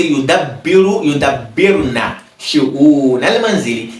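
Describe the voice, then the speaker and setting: Man, grammar teacher, reads examples and explains them, frequent pauses, echoey room, mic set back. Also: fairly high pitch, far from the mic. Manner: reads Arabic sentences then translates and explains, with frequent "um" pauses. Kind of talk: explaining exercises in a grammar lesson.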